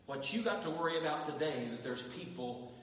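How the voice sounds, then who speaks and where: Preacher man, bright ringing voice, bit high, swings up into singing shouts, heard from across a big echoey church. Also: lively intonation, brisk, slight background noise. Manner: impassioned, rises into sung shouts, repeats phrases. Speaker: pastor. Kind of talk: sermon. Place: church sanctuary. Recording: echoey church hall, distant mic, faint ambience.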